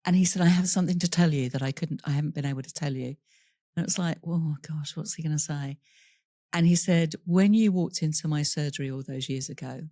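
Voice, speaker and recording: A woman's voice: low-pitched, dark tone, dry recording, clean studio sound. A woman guest on a podcast interview telling a personal story candidly, laughing through painful memories and acting out quoted dialogue. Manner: voices other people in quoted dialogue.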